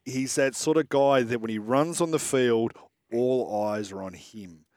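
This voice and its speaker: A man's voice: medium pitch, a little slow, darkish tone, dry recording, studio quality. A man, co-hosting a casual sports chat and talking with eager admiration. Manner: enthusiastic, admiring. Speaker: radio co-host.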